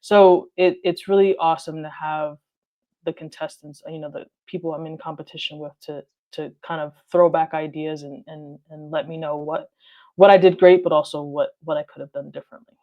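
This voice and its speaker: A woman guest chatting in an interview, talking in a steady, direct way that she calls monotone and thinking aloud with frequent restarts. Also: deep voice, moderate pace, muffled recording. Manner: calls her own delivery monotone, straight and direct; reflective, talks things through with frequent restarts. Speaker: guest, car detailing video creator. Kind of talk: casual interview conversation.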